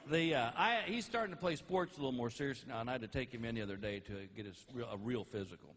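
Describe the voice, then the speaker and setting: A middle-aged man telling stand-up stories about his family in a folksy, animated way, laughing at his own jokes. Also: medium pitch, fast talker. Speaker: stand-up comedian. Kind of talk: stand-up storytelling. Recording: live comedy album with faint noise.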